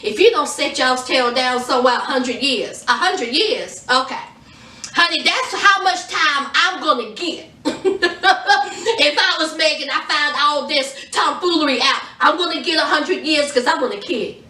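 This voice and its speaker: A woman reviewing a reality show in a casual vlog, telling the story in an animated, sassy way. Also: high voice, moderate pace, far from the mic. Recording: echoey room, off from the mic.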